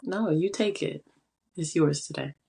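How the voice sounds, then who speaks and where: A woman's voice: low voice, measured pace, creaky, mellow, breathy edge. A woman co-hosting a podcast in casual chat, hedging her opinions with frequent restarts and fillers. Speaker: podcast co-host.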